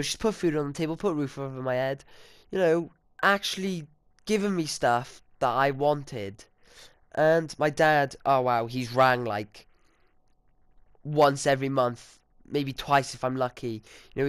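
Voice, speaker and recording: A man's voice: mid-range voice, moderate pace, clean tone, dry recording, clean studio sound. Indignant teenage boy telling a story. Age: teens. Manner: rambling, indignant, sweary. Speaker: vlogger. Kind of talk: casual storytime.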